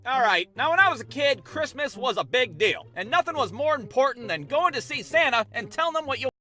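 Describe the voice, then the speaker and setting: High-pitched, bright-voiced male comic storyteller. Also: fairly quick. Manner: profane, animated, shouting put-on character voices. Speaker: comedian. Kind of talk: storytelling stand-up monologue.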